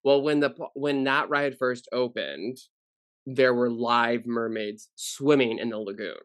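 A man's voice: medium pitch, unhurried, no echo, studio quality. A man co-hosting a casual podcast, rambling through stories with lots of fillers. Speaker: podcast co-host.

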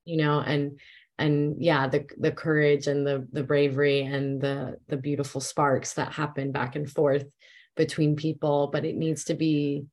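A woman's voice: low-pitched, level tone, unhurried, darkish tone. A woman speaking as a coach and podcast guest in a casual talk, reflective and searching, often repeating words as she gathers her thoughts. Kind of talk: casual conversational interview.

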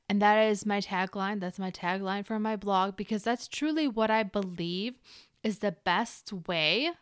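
A woman's voice: medium pitch, clean tone, no echo. A woman hosting a solo podcast as a keto coach, chatty and encouraging, talking straight to the listener from a close mic. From Ukrainian family.

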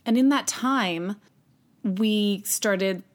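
A mother recounting her own story as an interview guest, earnest and halting with frequent restarts. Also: medium pitch. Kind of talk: personal storytelling in conversation.

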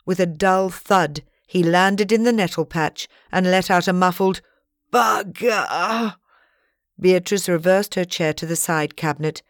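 A woman giving a measured, even scripted narration of an audiobook. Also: lowish voice, no room sound, studio quality.

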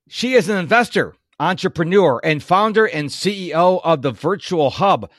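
A man's voice: high-pitched, expressive, moderate pace, a bit bright, dry recording, studio quality. A man hosting a podcast interview, talking in an enthusiastic, rambling way with fillers. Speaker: podcast host. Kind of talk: casual interview chat.

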